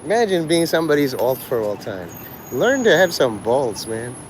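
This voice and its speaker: A man's voice: mid-range voice, sing-song, moderate pace, slight background noise, low-quality recording. A man livestreaming outdoors on a city street, rambling crudely and joking provocatively.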